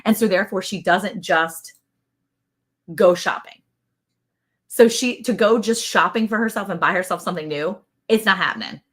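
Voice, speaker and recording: A woman in her forties with a Southern US accent, co-hosting a casual livestream, telling an animated story and greeting viewers by name. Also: mid-range voice, moderate pace. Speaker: livestream co-host.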